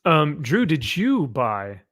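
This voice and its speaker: Animated, joking male podcast host. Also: on the high side, slow pace, no room sound, studio quality. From Southern California. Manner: animated, mimics people with loud put-on voices. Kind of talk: casual panel chat.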